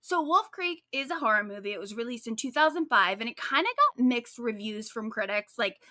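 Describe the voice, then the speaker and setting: A woman co-hosting a true-crime podcast, talking in a casual, animated way with a sarcastic edge. Her voice is bright and a little high. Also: fairly quick, no echo. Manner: animated, sarcastic storytelling with frequent likes. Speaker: podcast co-host.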